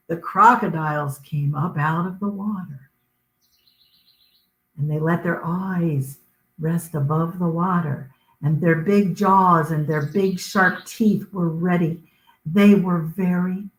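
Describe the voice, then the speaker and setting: A woman librarian reading a picture book aloud to children as an expressive storyteller. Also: lowish voice, echoey room. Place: outdoor garden.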